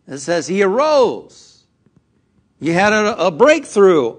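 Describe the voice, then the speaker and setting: A man delivers a sermon to a live congregation in a fairly high voice that swings up and down a lot. He speaks slowly and keeps turning to the crowd with direct questions. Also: big pitch swings. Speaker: minister. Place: church hall with a live congregation.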